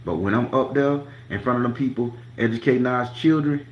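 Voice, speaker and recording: A man's voice: medium pitch, brisk, echoey room, lo-fi sound, slight background noise. A man telling a profane story to his channel, acting out each quote with emphasis. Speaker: tarot reader and channel host.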